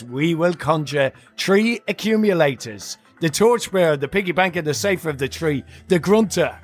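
A man's voice: on the high side, slightly rough. A man hosting a podcast in a playful, jokey, upbeat way, with a scripted intro and preview. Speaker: podcast host.

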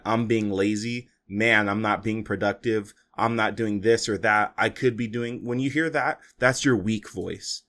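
A man's voice: on the low side, fairly bright tone. A young man hosting his own podcast, talking casually and motivationally, rambling with fillers and restarts. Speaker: podcast host. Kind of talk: solo podcast monologue.

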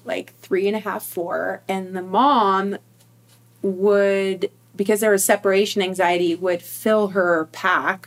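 A woman guest in an interview, telling a personal family story in a candid, heartfelt way with many fillers and restarts. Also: lowish voice.

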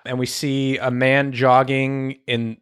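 A man's voice: medium pitch, flat delivery, takes it slowly, a bit bright, smooth. A man co-hosting a podcast, chatting casually about a TV show, dry and teasing as he explains details. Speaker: podcast co-host. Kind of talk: casual chat recapping a TV show.

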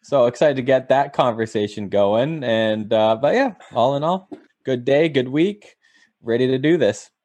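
A man's voice: medium pitch, a little slow, darkish tone. Male co-host, easygoing and upbeat, casual delivery. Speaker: podcast co-host. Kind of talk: casual podcast chat.

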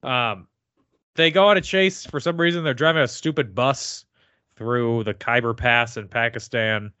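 On a remote podcast mic with no camera, a male co-host recaps a movie plot in a dry, sarcastic, casual review chat. His medium-pitched voice moves at normal speed, pushed and bright, clear and resonant, in a dry recording.

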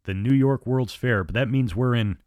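A man's voice: medium pitch, moderate pace, darkish tone, no echo, natural voice. A man voicing a stunned male crew officer who speaks in a small, strained voice.

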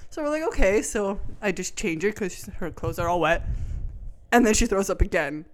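A woman co-hosting a podcast, telling a story in a relaxed, chatty way. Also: mid-range voice, normal speed. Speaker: podcast co-host. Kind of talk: casual chat.

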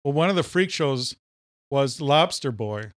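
Animated joking man, from Minnesota. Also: mid-range voice, unhurried, dry recording, studio quality. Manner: animated storyteller, jokey. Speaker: podcast co-host. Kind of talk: casual chat.

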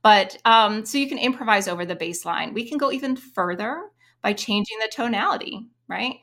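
Female guest, piano teacher, animated and explanatory, sings examples. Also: on the high side, moderate pace, hardly any pauses. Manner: animated, sings rhythm syllables to demonstrate. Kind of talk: interview explanation with sung examples.

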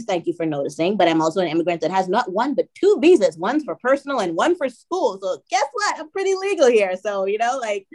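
Young woman from the Bahamas, animated storyteller who acts out dialogue. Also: medium pitch. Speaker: guest. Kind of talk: storytelling on a podcast.

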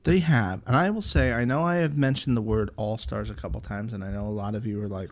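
A man's voice: fairly low pitch, brisk. A man co-hosting a podcast, chatting casually, joking and swearing now and then. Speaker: podcast co-host. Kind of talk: casual chat.

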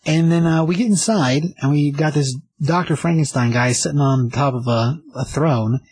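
Husky man rambling through a comic recap. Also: a little high, moderate pace, a little mellow, no room sound, poor audio. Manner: rambling, enthusiastic summary with fillers. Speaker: comic book reviewer. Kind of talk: casual review chat.

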